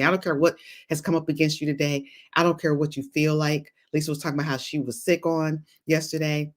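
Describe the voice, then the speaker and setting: A middle-aged woman with a low voice delivers a fervent, preacher-like motivational talk, calling out viewers by name. She mixes in playful asides and laughs often. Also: brisk. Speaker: host and psychologist. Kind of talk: motivational faith talk on a live stream.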